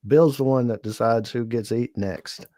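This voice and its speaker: A man's voice: mid-range voice, normal speed, dark tone, no echo. A man guesting on a casual live episode discussion, easygoing and agreeable, with an occasional joke. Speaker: podcast guest.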